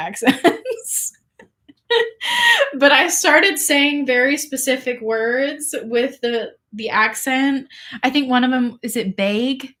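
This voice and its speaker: A woman's voice: medium pitch, a bit bright. A young woman from England with no trace of an English accent, chatting casually on a livestream, often laughing and answering viewers' comments. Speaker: online seller doing a livestream.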